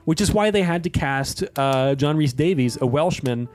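An American man co-hosting a podcast, chatting casually about movies with rambling, deadpan jokes. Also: fairly high pitch, moderate pace. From United States. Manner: joking, rambling, deadpan asides. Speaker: podcast co-host.

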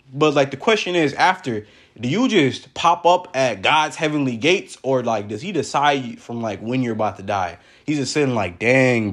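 Rambling young man with a lively voice. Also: mid-range voice. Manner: rambling, loose slangy talk, laughs often. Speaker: podcast host. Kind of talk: casual solo podcast monologue.

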